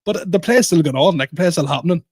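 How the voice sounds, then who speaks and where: A man's voice: fairly high pitch, fast, husky. A man co-hosting a podcast, telling a story in casual chat and poking fun at himself. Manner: animated, self-mocking storyteller. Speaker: podcast co-host.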